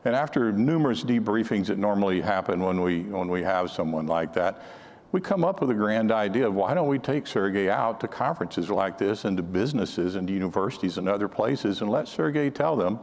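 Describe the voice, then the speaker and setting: An older man with a lowish voice gives a conference talk, spinning anecdotes in a loose, conversational way. His sentences often restart midway. The sound carries the long reverb of a large hall. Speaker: conference speaker on counterintelligence. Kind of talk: storytelling talk to an audience.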